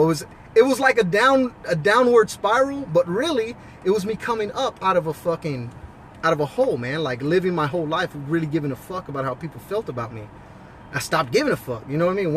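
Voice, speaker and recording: Blunt, swearing man with a high voice. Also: a bit bright, slight background noise. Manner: blunt, heavily profane, preachy. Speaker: husband and father giving life advice. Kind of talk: casual monologue to camera.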